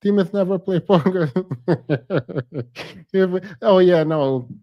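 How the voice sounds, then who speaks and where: Man, blunt exasperated reaction commentary, slightly higher voice. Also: slow, highs cut off. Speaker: podcast co-host reacting to a clip.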